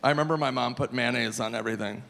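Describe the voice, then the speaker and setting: A man in his forties from Minnesota doing a live stand-up set, animated and self-mocking, often breaking into laughter. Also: mid-range voice, rapid-fire, vocal fry. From Minnesota, USA. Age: 40s. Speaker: stand-up comedian. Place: live theater stage. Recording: reverberant live venue, faint room noise.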